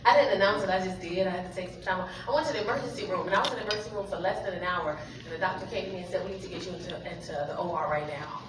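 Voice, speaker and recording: A woman comic on stage, telling a loud, animated story and putting on voices. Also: fairly low pitch, very fast, hardly any pauses. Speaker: stand-up comic. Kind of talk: stand-up comedy set. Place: comedy club stage. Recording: roomy, distant club recording with loud crowd. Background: audience laughter and room noise.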